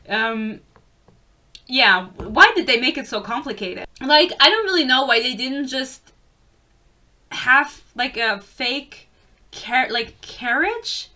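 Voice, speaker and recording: A woman's voice: a little high, sharp tone. Ranting young woman. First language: German. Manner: exasperated, sarcastic, swears freely. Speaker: book reviewer. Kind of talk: casual book rant.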